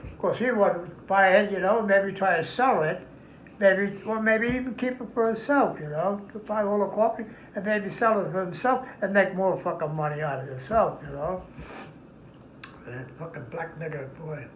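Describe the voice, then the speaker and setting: A man's voice: sits high, normal speed, slight background noise. An older man, a veteran, recounting his memories in a rambling, heavily profane oral history interview. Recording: echoey, somewhat muffled room recording.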